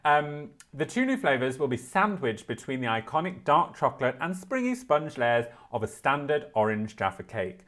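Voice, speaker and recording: A young man co-hosts a podcast in easy conversation, reading news aloud and breaking off for wry, playful asides. His voice sits at an ordinary middle pitch for a man. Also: sing-song, moderate pace, hardly any pauses, a bit bright. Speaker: podcast co-host.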